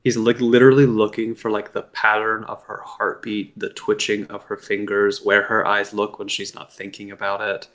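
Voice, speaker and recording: A man's voice: on the low side, flat delivery, moderate pace, hardly any pauses, a bit bright. A man playing a tabletop game, explaining his character casually with lots of fillers. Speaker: player.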